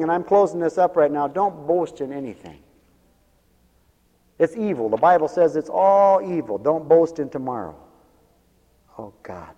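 A man preaching a sermon as pastor, swinging between quiet asides and loud emphatic calls. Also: fairly high pitch, very animated, moderate pace, long pauses. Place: church. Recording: muffled church recording with long reverb. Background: radio ministry broadcast of a church service.

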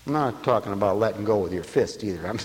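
A man preaching a sermon, swinging from hushed murmurs to loud exclaiming and chuckling between points. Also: on the low side, lively intonation, quick pace. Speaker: pastor. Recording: hall reverb with faint hiss.

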